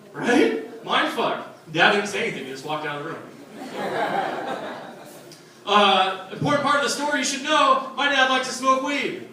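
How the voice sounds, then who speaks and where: A young stand-up comic on a comedy club stage tells loose, profane stories and throws asides to the audience. His high-pitched voice is pushed and bright at a normal speed. The distant mic gives an echoey club sound, with the crowd laughing in the background.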